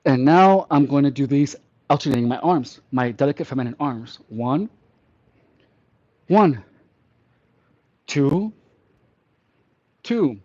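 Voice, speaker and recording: A man's voice: medium pitch, expressive, slow, long pauses, mellow, lo-fi sound. A male fitness trainer giving tongue-in-cheek workout instruction, counting reps and playing up a mock-delicate persona. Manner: mock-delicate self-praise between exercise counts.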